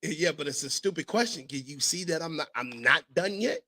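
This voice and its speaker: A man hosting a casual podcast chat, telling stories as a father in an animated, profane way and mimicking other people's voices. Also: fairly high pitch, brisk. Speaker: podcast host.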